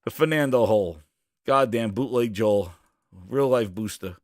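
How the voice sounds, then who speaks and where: A man's voice: fairly low pitch, normal speed. A man hosting a casual gaming livestream, rambling and profane, sometimes breaking into joking singing. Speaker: podcast host.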